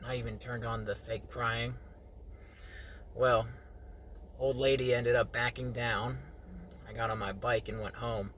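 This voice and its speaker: A man's voice: medium pitch, flat delivery, unhurried, long pauses, fairly bright tone, slight background noise. A man casually telling a personal story to his viewers, chuckling now and then. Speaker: vlogger.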